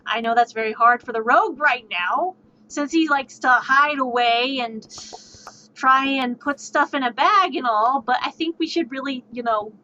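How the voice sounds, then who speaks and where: Bright high-voiced woman streamer. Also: moderate pace. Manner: animated, stammering, excited retelling. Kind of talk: casual storytelling on a live stream. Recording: dull lo-fi stream audio, faint noise.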